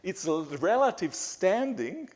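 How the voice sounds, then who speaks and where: A man giving a talk in a church, speaking haltingly with frequent restarts and fillers. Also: high-pitched, sing-song, a little mellow. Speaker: guest speaker. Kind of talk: church lecture. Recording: reverberant church hall.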